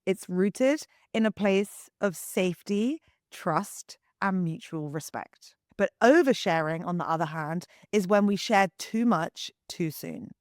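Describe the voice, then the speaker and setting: A young woman hosting a solo podcast, husky from the early morning, talking frankly to listeners as if to close friends. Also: on the low side, lively intonation, measured pace, few pauses, dry recording. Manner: candid, confiding, talks to listeners like friends. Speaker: podcast host and wellness coach. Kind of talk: chatty solo podcast monologue.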